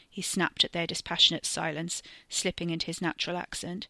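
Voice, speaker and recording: A woman in scripted narration, reading a horror serial in a measured way that slows for tension. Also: on the low side, level tone, gravelly, pushed and bright, no room sound. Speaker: podcast storyteller.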